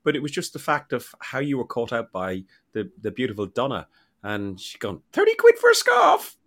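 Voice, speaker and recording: A man hosting a casual podcast, joking and teasing his co-hosts with loud bursts. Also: fairly low pitch, moderate pace. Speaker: podcast host.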